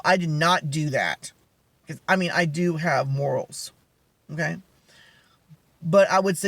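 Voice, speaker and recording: A man with a soft, feminine-sounding voice telling a rambling story in a casual vlog chat. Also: a little high, normal speed, vocal fry, long pauses, dry recording. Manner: rambling, animated storytelling with many asides. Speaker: vlogger.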